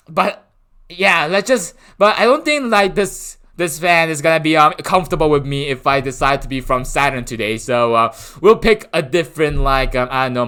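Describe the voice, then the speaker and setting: A man's voice: a little high, sharp tone, smooth. A man streaming live, chatting with his viewers in a playful, rambling way and laughing often. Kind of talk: casual live-stream chat.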